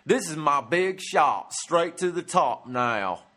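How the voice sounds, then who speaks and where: Man doing a giddy, high, boastful jailbird, loud and proud. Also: expressive, slow pace, exaggerated voice. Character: grinning arrestee proud of his mugshot.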